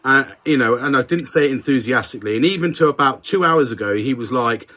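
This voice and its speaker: A man's voice: mid-range voice, fast talker, bright, forceful tone. A man co-hosting a podcast, talking candidly and swearing in casual banter. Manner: sweary, candid, self-deprecating. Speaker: podcast co-host.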